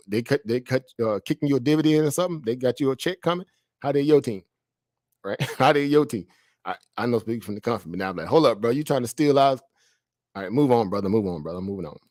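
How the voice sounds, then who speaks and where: Fast-talking man hosting a trading live stream. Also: mid-range voice, no room sound, studio quality. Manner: conversational, frequent "right?" tag questions, laughs between phrases. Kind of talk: casual live stream commentary.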